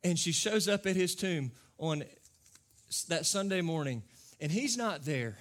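A man's voice: high-pitched, lively intonation, normal speed, a bit bright. A man pastor preaching a conversational sermon to his congregation. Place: church service with a congregation.

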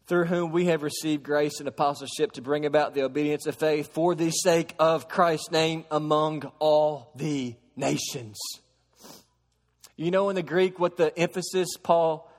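A man preaching a sermon, moving between hushed storytelling and raised, emphatic preaching. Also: on the high side. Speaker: pastor. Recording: long hall reverb.

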